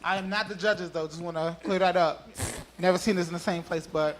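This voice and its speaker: An animated, chatty man, telling how he started his show. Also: high-pitched, brisk. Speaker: show creator. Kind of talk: casual storytelling.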